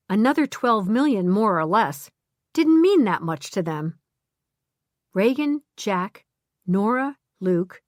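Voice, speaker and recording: A woman reading a mystery audiobook, giving clear, even narration. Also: mid-range voice, dry recording, clean studio sound. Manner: clear, even storytelling with character voices.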